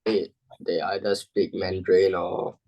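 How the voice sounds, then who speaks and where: A young Singaporean man answers his teacher slowly in a lowish voice. He hesitates often and fills the gaps with ums and likes. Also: little pitch movement, a little mellow, muffled recording. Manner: hesitant, halting, many fillers. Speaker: student. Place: classroom.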